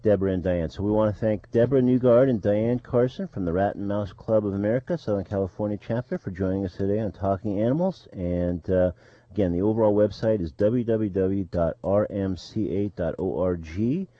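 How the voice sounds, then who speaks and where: A man hosting a college radio show, speaking in a casual, halting way with many fillers. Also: on the low side, dry recording, lo-fi sound.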